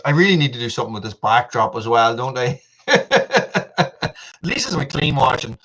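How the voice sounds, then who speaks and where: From an upstairs room at home, a man hosts a casual live stream, chatting to viewers while testing his camera mic and desk mic. His mid-range voice is sing-song and fairly bright at a normal speed, and he rambles, mocks himself, restarts, and laughs often. The audio quality is poor.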